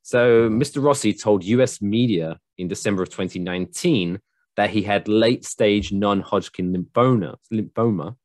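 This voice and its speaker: A man's voice: on the low side, normal speed, darkish tone, no echo. A man in his thirties co-hosting a podcast, reading out a news story with joking asides. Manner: chatty, jokey, reads news aloud with asides. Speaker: podcast co-host. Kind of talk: casual news chat.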